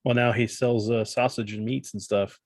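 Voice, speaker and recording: A man's voice: mid-range voice, flat delivery, moderate pace, no room sound. A man with a Texan accent, an easygoing podcast co-host who laughs a lot in casual chat. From Texas.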